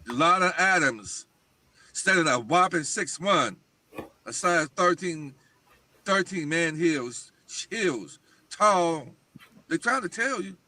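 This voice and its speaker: A man's voice: a little high, animated, slow, sharp tone. A man talking as a guest on a livestream talk show, speaking emphatically and insistently.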